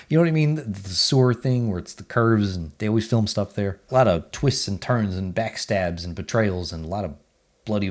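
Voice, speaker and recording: A man's voice: fairly low pitch, a little mellow. A man, giving casual, blunt movie reviews in a chatty, offhand way. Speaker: movie reviewer, channel host.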